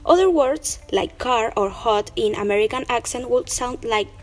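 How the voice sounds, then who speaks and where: A woman's voice: fairly high pitch, normal speed, hardly any pauses, faint music behind, low-quality recording. A woman presenter reading a prepared explanation carefully from a script. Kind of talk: read-aloud presentation.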